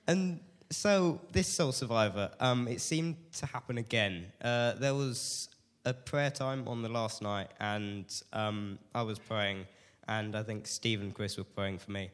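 Slow, smooth and fairly low-pitched, the voice of a cold-stricken man in his late teens fills a large hall as he offers a personal testimony to a church group. He's nervous and self-deprecating, hesitating often and using many fillers.

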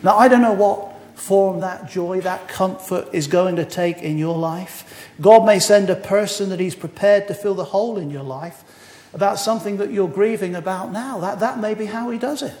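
Man in his sixties, preacher, earnest sermon with wry jokes, high voice, roomy echo. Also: moderate pace, a little mellow. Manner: earnest, wry asides with laughs. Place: church hall. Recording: echoey hall.

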